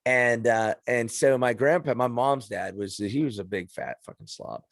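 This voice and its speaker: A man's voice: mid-range voice, animated, normal speed, gravelly, no room sound, studio quality. A male podcast guest in casual chat, telling a rambling, profanity-filled story with frequent restarts.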